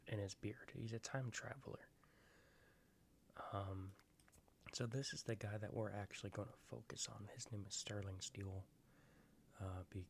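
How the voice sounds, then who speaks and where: Male ASMR gameplay host, low gravelly voice, rambling soft talk slipping into whispers. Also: a little hiss or hum.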